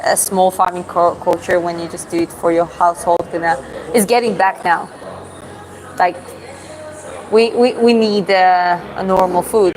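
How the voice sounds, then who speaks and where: A woman chatting casually on a live stream as a fitness coach, talking in halting bursts full of fillers and restarts. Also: lowish voice, rough recording. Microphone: clip-on mic put on mid-stream.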